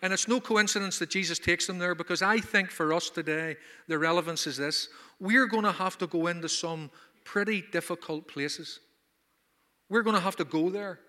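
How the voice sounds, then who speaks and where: A man's voice: high voice, sharp tone, big-room sound. A man preaching a sermon at a conference, emphatic and full of rhetorical questions. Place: conference hall.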